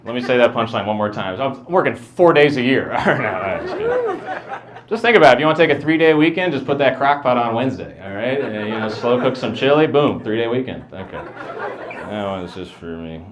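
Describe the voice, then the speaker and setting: A young man doing a stand-up set on a club stage into a handheld mic, rambling with self-mocking asides and pauses for punchlines. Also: lowish voice, sing-song, a crowd in the background. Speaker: stand-up comedian. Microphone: handheld wired mic. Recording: live club audience laughter.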